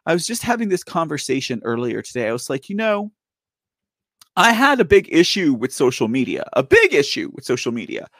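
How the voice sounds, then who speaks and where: A man's voice: a little high, big pitch swings, fairly quick, a bit bright, no echo, studio quality. A man in his forties hosting a live political commentary show, talking off the cuff in a sarcastic way, firing rhetorical questions with laughing asides. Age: 40s.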